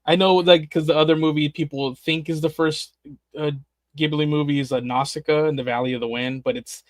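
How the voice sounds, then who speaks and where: A man's voice: fairly high pitch, level tone, a little fast, no room sound. Male co-host, Spanish native, rambling casual chat, dry mic. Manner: rambling, many restarts and fillers. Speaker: co-host of a fan livestream.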